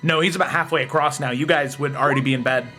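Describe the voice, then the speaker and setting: A man narrating a tabletop game as game master, briskly calling rolls and damage. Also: fairly high pitch, steady tone, over music. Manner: brisk narration, rolling dice aloud.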